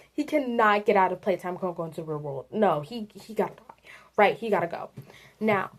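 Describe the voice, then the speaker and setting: A woman giving a casual, animated rant about a video game to her viewers, swearing and addressing them directly. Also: mid-range voice. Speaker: video creator.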